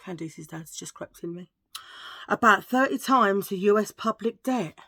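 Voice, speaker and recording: A middle-aged woman talks casually to her viewers, playful and given to dropping into hushed asides. Her voice sits at an ordinary pitch. The sound is close and dry. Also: animated, moderate pace, dry recording. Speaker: vlogger. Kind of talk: casual chat to camera.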